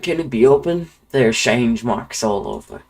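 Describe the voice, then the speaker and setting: A man's voice: mid-range voice, expressive, gravelly, darkish tone. A man reading out a game's wandering bug explorer in a put-on Irish accent, stumbling over words now and then. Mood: wondering. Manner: reading aloud with halting slips. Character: curious wandering male bug explorer, genteel. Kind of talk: reading game dialogue aloud.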